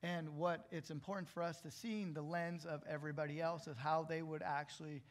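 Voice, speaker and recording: A man's voice: on the high side, level tone, a little fast. A man, the pastor, giving a conversational sermon in a church and asking the congregation questions as he goes. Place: church sanctuary.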